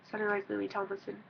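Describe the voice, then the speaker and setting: A teenage girl vlogging casually, an excitable, rambling fan who gushes and squeals. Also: mid-range voice, creaky. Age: teens. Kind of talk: gushing casual vlog. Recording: dull lo-fi recording.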